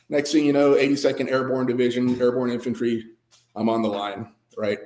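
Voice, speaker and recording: A man's voice: mid-range voice, level tone, a little fast, a little mellow. A man, a veteran and guest musician, telling stories in a laid-back, rambling, self-deprecating way with many fillers. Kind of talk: casual storytelling interview. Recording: roomy echo.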